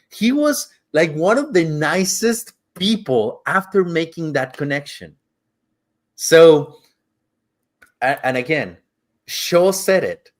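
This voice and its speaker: Fairly high-pitched and slow, with big swings in pitch, a male podcast co-host wanders through a travel anecdote in relaxed conversation. He swears liberally and voices the quoted lines in shifting characters.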